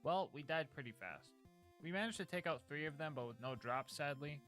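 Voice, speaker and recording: A man's voice: on the high side, animated, brisk, fairly bright tone, faint music behind. A man narrating a scripted gameplay recap of a challenge run in a jokey, upbeat, slangy way.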